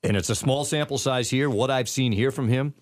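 A man's voice: medium pitch, fairly quick, no echo, clean studio sound. A man on a sports panel sharing observations in a conversational way, often chiming in. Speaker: analyst.

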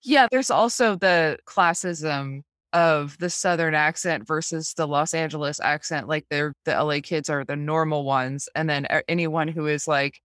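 A co-host on a casual movie review podcast, quick and wry, steering the conversation. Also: medium pitch, fairly bright tone, clean tone, no room sound, clean studio sound.

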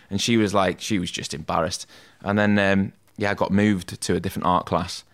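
A man's voice: low-pitched, level tone, a little fast. Chatty man telling stories. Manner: chatty, self-deprecating, says "mate" and "like" a lot. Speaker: podcast guest, tattoo artist. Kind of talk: casual storytelling in an interview.

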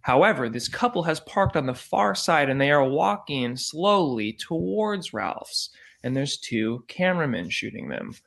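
A man telling a profane, animated personal story in casual chat. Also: on the high side, a little slow, vocal fry.

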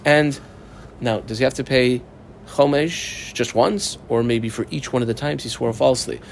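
Male Talmud teacher, mid-pitched, translates the text line by line for a small study group, faint background hiss. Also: moderate pace, gravelly. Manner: explains step by step, asking and answering his own questions; reads Aramaic text and translates phrase by phrase. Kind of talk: Talmud class lesson.

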